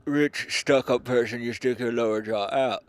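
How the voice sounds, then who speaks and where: A man's voice: medium pitch, moderate pace, clear, resonant tone, no room sound. Guy rambling on a comedy podcast, jokey, lots of laughing, dry close sound. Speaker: podcast co-host. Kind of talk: casual comedy podcast chat.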